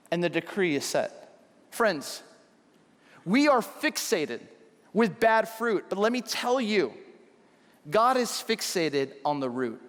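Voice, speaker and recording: A man in his thirties preaching a sermon, acting out his own story with lively shouts and hushed asides. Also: high-pitched. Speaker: pastor. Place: large church hall. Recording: long church hall reverb.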